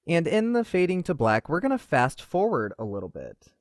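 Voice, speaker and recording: A man's voice: fairly high pitch, normal speed, dry recording. Male GM, easygoing descriptive narration, dry close recording. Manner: relaxed, descriptive storytelling. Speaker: game master. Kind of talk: narrating a tabletop game.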